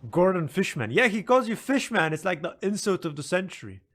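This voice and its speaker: A man streaming a game, chatting excitedly with laughs and restarts, then slipping into dramatic lore narration. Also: high voice, a little fast. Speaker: gaming streamer.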